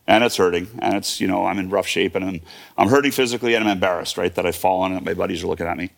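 A man's voice: sits low, rapid-fire, creaky. A man in his fifties telling a personal story in a vivid present-tense retelling, with fillers and restarts. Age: 50s. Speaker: guest.

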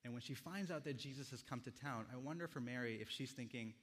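A young male pastor preaches in a gentle, reflective way, letting quiet pauses sit between his thoughts. His voice sits at an ordinary middle pitch. The sound carries the long reverb of a large church hall. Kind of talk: sermon.

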